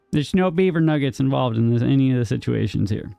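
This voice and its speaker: A man's voice: medium pitch, lively intonation, quick pace, vocal fry, few pauses, darkish tone, no echo, soft background music. A man streaming a game live, joking playfully with his chat, answering viewers by name and laughing often.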